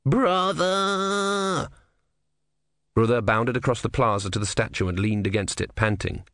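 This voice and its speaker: A man's voice: on the low side, steady tone, a little fast, fairly bright tone, no echo. A man narrating a comic fantasy audiobook with dry, wry delivery.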